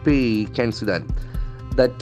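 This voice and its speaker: A male English trainer, not a native speaker, teaching pronunciation in a lesson, repeating words slowly and stressing their syllables. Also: medium pitch, animated, darkish tone, soft background music. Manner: stock phrases "okay, see", "very interesting".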